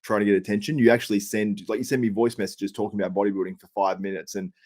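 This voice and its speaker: A man's voice: on the low side, fairly even intonation, darkish tone. A man hosting a podcast in casual, upbeat, chatty talk. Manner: upbeat, chatty, quick to laugh along. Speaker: podcast host and analyst.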